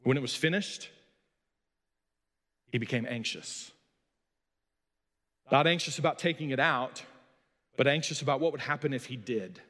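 Guy preaching a sermon, big loud highs then quiet asides, echoey church. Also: normal speed, pauses often. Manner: dramatic swings between loud emphasis and quiet asides. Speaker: pastor.

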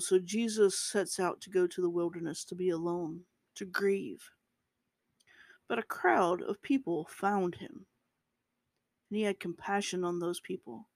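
A woman's voice: on the low side, no echo. A woman preacher giving a conversational podcast sermon, reading scripture and reflecting on it, with rising emphasis at key points.

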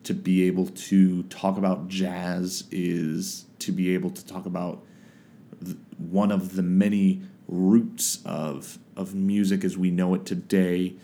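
Man, low and mellow, casual song review, halting and searching for words. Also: little pitch movement. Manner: hesitant, searching for words, many fillers. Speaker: music reviewer.

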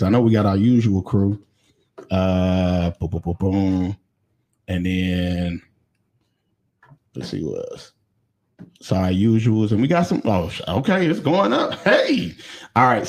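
A man hosting a podcast in casual chat, loose and joking. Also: lowish voice. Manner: loose, joking, shouts out to viewers. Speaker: podcast host.

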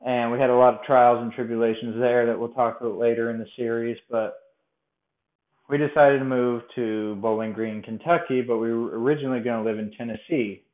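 A man's voice: mid-range voice, steady tone, a little fast. A young man from Colorado, hosting a podcast and telling a personal faith story in a chatty, rambling way that pokes fun at himself and often restarts sentences. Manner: chatty, rambling, self-deprecating with frequent restarts. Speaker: podcast host. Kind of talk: casual faith testimony storytelling. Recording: tinny phone-like sound in an echoey room.

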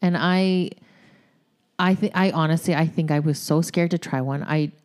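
Low, mellow-voiced woman chatting. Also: moderate pace. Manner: chatty, laughs often, trails off with filler words. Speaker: guest, CrossFit member. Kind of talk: casual chat.

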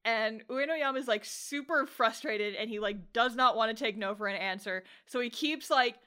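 A young woman co-hosts a casual podcast in a slightly high voice. She is animated and laughs often, and she acts out the characters' lines as she retells scenes. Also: normal speed, clear, resonant tone. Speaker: podcast co-host. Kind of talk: casual chat.

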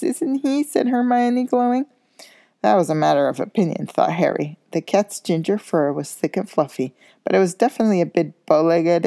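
Reading a children's novel aloud, a school coach keeps a steady pace despite small slips she corrects as she goes. Her voice is very deep, dark and gravelly, captured dry and close with no room sound.

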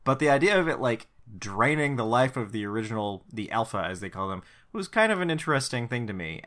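A man co-hosting a podcast trades casual banter in a bright, forward voice at a middle pitch, sounding easy and offhand. Wry and sardonic, he swears freely while picking apart a show's plot in a relaxed episode recap.

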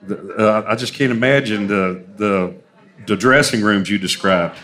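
A man's voice: lowish voice, moderate pace, sharp tone. A man hosting a podcast interview, asking questions in an easygoing way with lots of fillers. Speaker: podcast host. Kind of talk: casual interview.

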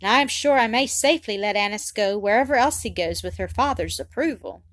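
A woman reading the part of a gentle young Victorian mother who speaks softly and kindly. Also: mid-range voice, lively intonation, fairly quick, dry recording, close to an everyday voice.

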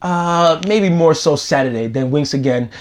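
A man tells a funny story in casual chat, his voice sitting fairly high for a man. He gets animated and breaks into laughter again and again, and a faint hiss runs under the recording. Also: moderate pace. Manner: animated storyteller, laughs often, says "yo" a lot.

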